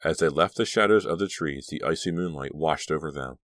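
A man narrating a horror audiobook in a steady, measured reading. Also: very deep voice, no echo, clean studio sound. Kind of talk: scripted narration.

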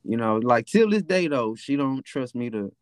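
A man's voice: mid-range voice, big pitch swings, normal speed, dry recording, clean studio sound. A young man with a Memphis accent, casually telling a profane, rambling story as a podcast host. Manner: laid-back, profane, rambling with fillers.

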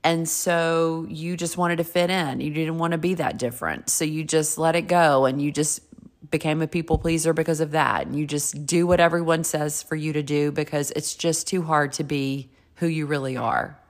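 A low-voiced woman in her fifties speaks with candor about her own life. She talks in a frank, chatty way and swears casually as she shares her story and offers advice. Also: fairly even intonation, moderate pace. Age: 50s. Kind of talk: candid personal storytelling and advice.

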